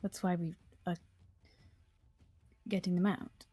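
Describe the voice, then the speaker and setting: A woman's voice: fairly low pitch, flat delivery, takes it slowly, mellow, husky, no echo. A woman voicing Lark, a fussy adventurer who rambles off on tangents, in a tabletop role-play. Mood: rambling. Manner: rambling, digressive.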